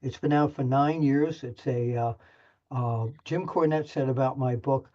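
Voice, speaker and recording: A man's voice: mid-range voice, measured pace, a little mellow. An older man, a journalist guest, telling an anecdote in a chatty, self-deprecating way with plenty of restarts. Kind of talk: animated storytelling anecdote. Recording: muffled lo-fi audio.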